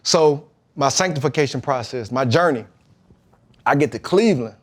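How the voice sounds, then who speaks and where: A man, a pro football player, talking as a podcast guest, telling his story about faith and football in a lively, emphatic way. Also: mid-range voice, normal speed. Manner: emphatic, animated retelling with acted-out quotes.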